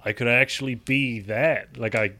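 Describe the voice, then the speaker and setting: A young man in casual chat with a friend, relaxed, laughing often and swearing casually. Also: mid-range voice, normal speed, a little hiss or hum.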